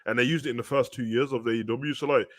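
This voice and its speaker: A man's voice: medium pitch, fairly even intonation, a bit bright, no room sound. A man co-hosting a wrestling review show, telling slangy stories and laughing often. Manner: fast, slangy, laughing storyteller. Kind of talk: casual chat.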